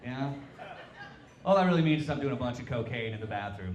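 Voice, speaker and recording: A young man from Tulsa performing a stand-up set with deadpan, self-mocking crude punchlines. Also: on the high side, fast. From Tulsa, Oklahoma. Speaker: stand-up comic. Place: brewery comedy stage, live crowd. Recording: roomy live-venue sound.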